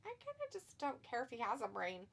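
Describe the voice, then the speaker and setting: Woman streamer, high voice, bright and sharp tone, chatty, giggly, reads chat aloud, casual watch-along commentary. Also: huge pitch swings, fairly quick, gravelly, breathy edge. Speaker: stream host.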